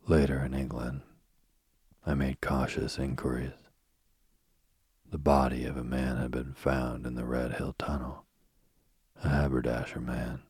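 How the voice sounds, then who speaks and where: Man, very deep voice, husky, flat and slow, hushed whispered ghost story reading. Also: no room sound. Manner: hushed, often whispered delivery. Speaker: narrator.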